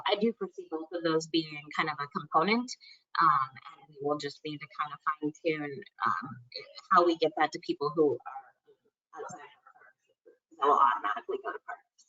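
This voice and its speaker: A woman answers webinar questions, pushing her voice loud so she can be heard from far off the microphone. Her tone is bright and a little low-pitched. The video call makes her sound distant and dull. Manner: speaks extra loud to be heard. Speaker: campaign project manager.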